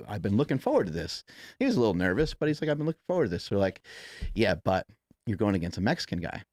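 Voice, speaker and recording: Male host, low-pitched, dry close sound, loose profane storyteller who acts out the quotes. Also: darkish tone, no echo. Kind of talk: casual storytelling chat.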